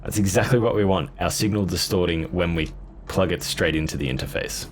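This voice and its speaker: A man's voice: deep voice, brisk. A man casually demoing and comparing guitar gear, blunt and offhand in his comments. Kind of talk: casual gear demo talk.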